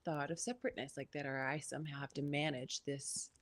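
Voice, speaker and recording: Lower-voiced woman sharing chattily. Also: fairly even intonation, quick pace. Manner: chatty, self-amused. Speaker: participant. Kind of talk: casual sharing.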